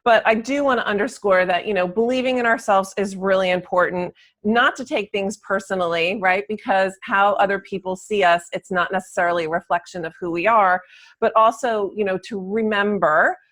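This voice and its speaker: A woman's voice: medium pitch, fairly quick, fairly bright tone. A woman hosting an interview in a casual, chatty way, hesitating and restarting often. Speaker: interview host.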